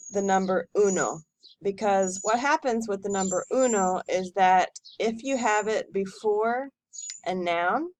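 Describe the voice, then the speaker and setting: A woman teacher giving a recorded lesson, modelling each number slowly and clearly for students to repeat. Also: medium pitch, a little mellow, no room sound. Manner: slow, careful model pronunciation for repeating. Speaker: Spanish teacher.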